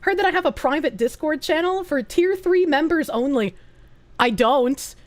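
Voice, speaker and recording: A woman's voice: high-pitched, lively intonation, normal speed. A woman streamer chatting casually and reading viewer messages aloud, blunt, swearing a lot and laughing often.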